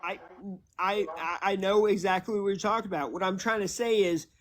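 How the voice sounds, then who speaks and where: Man, high voice, hesitant, stammering, placating tone, live-stream guest. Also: fairly quick, fairly bright tone.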